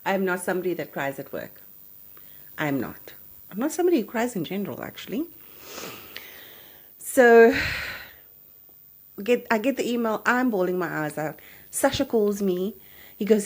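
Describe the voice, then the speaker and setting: A woman, hosting a podcast and telling a personal story in an animated, emotional way. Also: medium pitch, moderate pace, pauses often. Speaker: podcast host.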